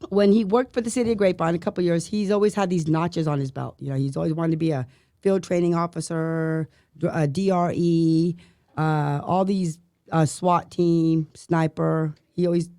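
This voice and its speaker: A woman's voice: lowish voice, normal speed, no room sound, studio quality. A middle-aged woman, a guest on a podcast, telling a long anecdote and mimicking the sounds in it. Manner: lively storyteller who mimics sounds and voices. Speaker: guest, surviving spouse of an officer.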